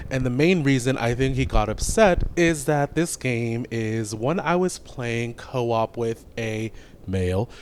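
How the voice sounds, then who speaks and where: A man on a podcast reads a listener's post aloud at an even pace, in an ordinary mid-range voice. A light hum sits faintly behind him. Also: mid-range voice. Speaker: podcast co-host. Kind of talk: reading a forum post aloud.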